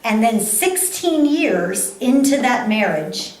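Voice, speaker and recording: A woman giving a live motivational talk to an audience, animated, laughing often and repeating phrases for emphasis. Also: on the high side, takes it slowly. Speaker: motivational speaker. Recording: echoey hall.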